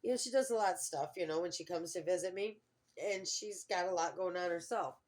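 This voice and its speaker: Middle-aged woman rambling through a story on her vlog, kinda low voice, lots of um and you know. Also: a little fast, darkish tone. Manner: rambling, full of fillers and restarts. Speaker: vlogger.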